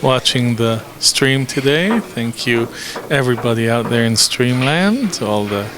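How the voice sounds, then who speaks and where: A man gives casual, bantering commentary on a pool match for a live stream. His voice sits at a middle pitch for a man, and a crowd murmurs clearly behind him in the hall. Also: lively intonation, measured pace.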